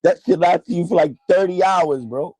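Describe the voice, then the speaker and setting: A man's voice: high-pitched, normal speed, darkish tone, slightly rough, no room sound. A man from New York hosting a casual livestream from a chair at home, telling a story in a loose, profane way and laughing as he goes. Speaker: sneaker livestream host.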